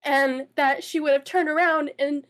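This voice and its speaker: Tearful young woman, high halting voice. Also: fairly even intonation. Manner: halting, repeats words, apologetic. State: tearful, upset. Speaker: interviewee, witness. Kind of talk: emotional interview.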